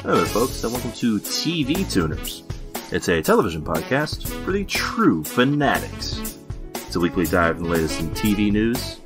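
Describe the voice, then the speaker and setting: A man's voice: on the low side, sing-song, moderate pace, music in the background. A man hosting a casual podcast, introducing his co-hosts with teasing jokes. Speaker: podcast host. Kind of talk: casual comedic podcast chat.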